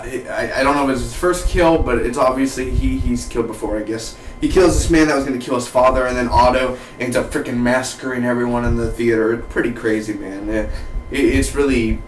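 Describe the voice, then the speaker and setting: A man's voice: mid-range voice, moderate pace, recorded from a distance. A man casually reviewing a TV episode, rambling and self-deprecating with frequent restarts. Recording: echoey room, off-mic, faint hiss.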